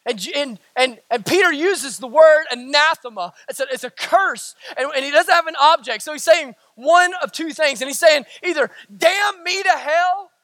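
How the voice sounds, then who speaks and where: Southern US pastor, man, very high bright voice, sermon that surges to shouts and drops to hushes. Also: expressive, moderate pace, hardly any pauses, dry recording. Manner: dramatic swings from shouting to hushed near-whispers.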